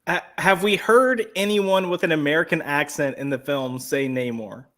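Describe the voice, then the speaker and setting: A man's voice: on the high side, normal speed, bright, forceful tone. A man on a comics panel, speaking thoughtfully and hedging often with "like". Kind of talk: casual panel chat.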